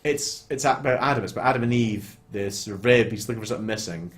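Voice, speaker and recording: A man co-hosting a casual film chat, retelling scenes with animated storytelling and frequent swearing. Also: mid-range voice, fast. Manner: animated storytelling, swears freely, quotes characters in little voices. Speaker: podcast co-host.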